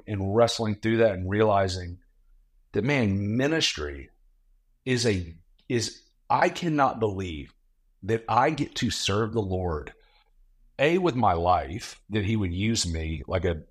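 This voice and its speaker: Male pastor guest, 30s, lower voice, casual and animated, acts out quotes. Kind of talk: casual podcast conversation.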